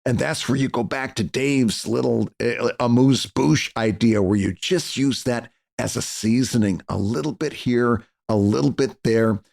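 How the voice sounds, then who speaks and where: A man's voice: medium pitch, normal speed, vocal fry, few pauses, darkish tone. A middle-aged man co-hosting a podcast, giving earnest advice in casual chat with lots of fillers and restarts. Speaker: podcast co-host.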